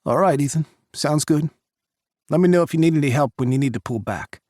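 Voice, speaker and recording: A man voicing a friendly, easygoing male agent colleague with a brisk, upbeat way of talking. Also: on the high side, a little mellow, no room sound, studio quality, pitched above the performer's own voice, natural voice.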